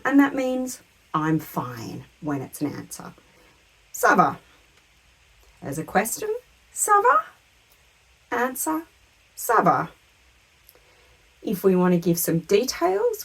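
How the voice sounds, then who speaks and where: Patient, gravelly-voiced woman teaching French. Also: fairly low pitch, darkish tone, low-quality recording. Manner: clear, patient modelling of French words for repetition. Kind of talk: beginner language lesson.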